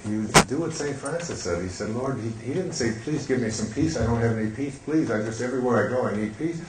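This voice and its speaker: An older man telling a gentle, meandering story with soft laughs and many fillers. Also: mid-range voice, animated, fast, echoey room, a little hiss or hum, poor audio. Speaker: speaker. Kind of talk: reflective storytelling talk.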